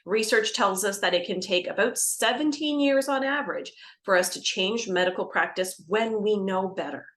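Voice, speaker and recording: A woman doula explaining birth practice to camera, lively and expressive, acting out scenes and dropping into a soft calm voice. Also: mid-range voice, normal speed. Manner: animated, acts out scenes with gasps and shifts to a soft calming voice. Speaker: doula educator. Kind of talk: educational talk to camera.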